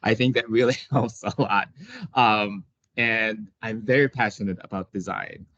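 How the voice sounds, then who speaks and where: A man with a fairly low voice talks as an interview guest, circling back on his words and laughing as he goes. The sound is dry and close, with a dull, lo-fi tone. He keeps a casual, thoughtful pace. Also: fairly even intonation, measured pace, a bit bright, no room sound. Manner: hesitant, many restarts, laughs often. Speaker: occupational therapist guest.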